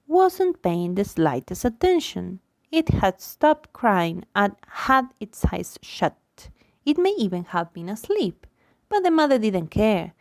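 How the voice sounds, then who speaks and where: A woman lecturer reading a book chapter aloud in an expressive, lively way, acting out the examples. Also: mid-range voice, no room sound. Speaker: linguistics lecturer.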